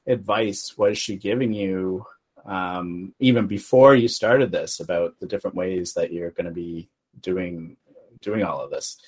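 Podcast host guy, deep husky voice, relaxed, lots of "right" and "yeah". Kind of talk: casual podcast interview.

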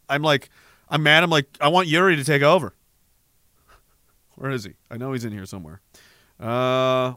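Heated, profane man ranting, bright voice. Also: a little high, no room sound, studio quality. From Canada. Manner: profane, heated, rambling with frequent restarts. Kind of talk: ranting casual monologue.

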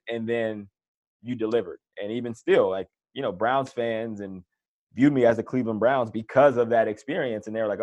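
Male interview guest, fairly low voice, conversational storyteller, quotes people lively. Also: brisk. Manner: relaxed, animated retelling with quoted voices. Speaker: guest, former pro football player.

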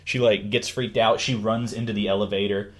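A man's voice: on the low side, brisk. A man hosting a casual talk, eagerly retelling a book's plot and acting out the characters with yelps and laughs. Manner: animated storyteller, acts out characters with yelps and laughs. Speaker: host explaining a book.

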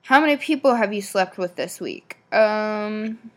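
Speaking a little slowly in an expressive, medium-pitched voice, a young woman hosts her own podcast in a loose, rambling chat. She's blunt, swears often, and fills her talk with ums and likes.

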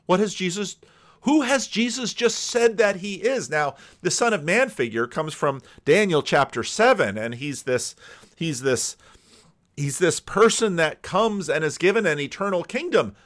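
Lively, animated male preacher. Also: high voice, measured pace. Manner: conversational, repeats words while thinking aloud. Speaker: pastor. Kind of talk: sermon.

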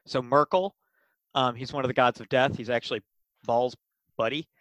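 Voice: mid-range voice, moderate pace, no echo, highs cut off. Enthusiastic game master, dry close sound. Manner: animated, enthusiastic, many fillers. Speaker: game master for kids' games. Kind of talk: casual interview storytelling.

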